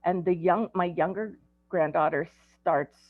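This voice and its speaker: A woman's voice: fairly low pitch, measured pace, no room sound. A woman in her sixties, an ADHD coach, giving a conversational talk to parents, telling stories with frequent ums. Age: 60s. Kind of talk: presentation to parents. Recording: tinny phone-like dry audio.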